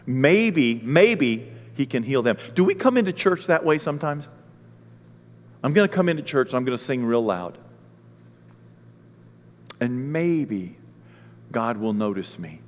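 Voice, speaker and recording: A man delivers a sermon from a church pulpit, his voice ringing with a long hall reverb. He preaches in an animated way and breaks into the voices of people in the story as he goes. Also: mid-range voice. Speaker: pastor. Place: church sanctuary.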